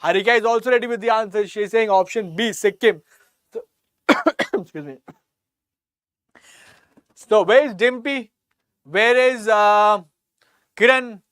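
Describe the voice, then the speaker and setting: A man's voice: high-pitched, unhurried, long pauses, a bit bright, smooth, no room sound. A man with an Indian English accent teaching a live online quiz class, encouraging students by name and repeating each question. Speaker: exam coaching teacher.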